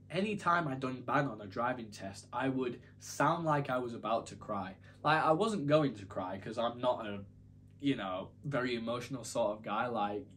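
A man's voice: medium pitch, slight background noise. A young man telling a story to camera in a casual, rambling, self-deprecating way. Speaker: YouTuber.

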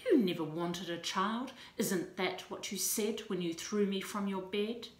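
A woman voicing a distraught young woman who pleads and rises to near-shrill outbursts, read in a storybook. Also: a little slow, lightly acted. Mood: bitter, hurt. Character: distraught young woman, fierce grieving aunt. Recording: roomy echo.

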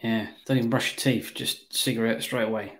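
A man's voice: medium pitch, fairly even intonation, fairly quick. A man with a mid-range voice chats casually about a film with his co-host. He speaks bluntly and plainly, without much hedging. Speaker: film review podcast co-host. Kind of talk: casual chat.

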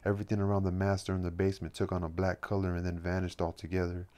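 A man reading a classic novel aloud at a steady, measured pace. His voice is very deep and keeps a flat, even pitch throughout. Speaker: audiobook reader.

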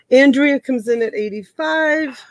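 A woman's voice: high-pitched, slow, no echo, lo-fi sound. Chatty fifty-something woman running an auction. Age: 50s. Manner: chatty, reads out bids and greets viewers by name. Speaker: live auction host. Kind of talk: casual live-stream auctioneering. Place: home.

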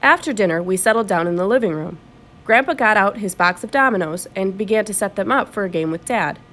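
An audiobook reader narrates a children's novel aloud in an expressive storytelling voice. Her voice is mid-range and her pace a little fast.

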